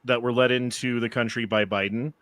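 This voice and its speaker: A man's voice: mid-range voice, fairly even intonation, brisk, over a noisy crowd. A man in an online debate, lecturing and rattling off figures to make his case.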